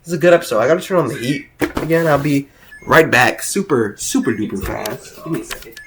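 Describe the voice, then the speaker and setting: Excitable young man rambling about rankings. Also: mid-range voice, fast talker. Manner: excited, rambling, with many restarts and slang. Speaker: video host ranking cartoon episodes. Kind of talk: casual tier-list commentary.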